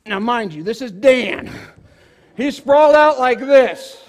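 Animated high-voiced man preaching. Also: slow pace. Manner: animated storyteller, acts out voices. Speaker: pastor. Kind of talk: sermon with storytelling.

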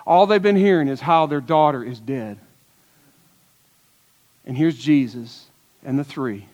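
Male pastor, high voice, earnest storytelling sermon, recorded in a church sanctuary with a long reverb tail. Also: measured pace, pauses often, darkish tone. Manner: earnest, storytelling preacher with rhetorical questions.

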